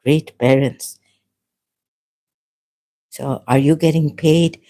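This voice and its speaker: A tired woman from Pakistan talking alone on a livestream at home, halting and apologetic, often trailing off and restarting. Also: low-pitched, steady tone, dark tone, poor audio. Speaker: livestream host. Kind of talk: rambling livestream monologue. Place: at home, making tea.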